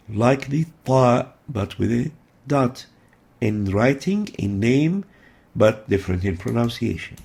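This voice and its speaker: A man teaching pronunciation in a lesson, explaining each sound slowly and repeating it in drills. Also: medium pitch, animated, gravelly, darkish tone.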